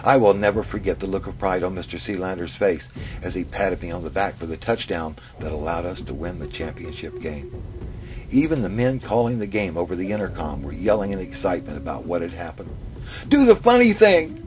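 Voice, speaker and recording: A man telling his own memoir in the first person, in a plain, steady way. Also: low voice, fairly quick, noisy background. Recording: music playing under the narration.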